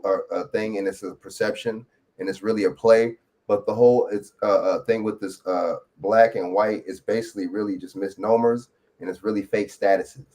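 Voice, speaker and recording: A man with a fairly low voice talks over call audio as a guest. He circles around his points and keeps checking in with the listener. His delivery stays relaxed and conversational. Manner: rambling, frequent you know what I'm saying. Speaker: live stream guest. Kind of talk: casual conversation.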